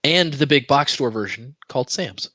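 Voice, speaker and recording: A man's voice: medium pitch, animated, normal speed, pushed and bright, no room sound. A man co-hosting a casual book podcast, making wry jokes. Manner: wry, joking. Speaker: podcast co-host. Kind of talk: casual book-club chat.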